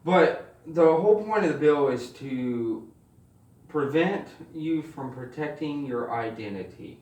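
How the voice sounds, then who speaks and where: A man telling stand-up stories in an animated, swearing style, acting out the people in them. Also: a little high, roomy sound, recorded from a distance. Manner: animated, swears freely, acts out voices. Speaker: stand-up comedian. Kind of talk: stand-up storytelling.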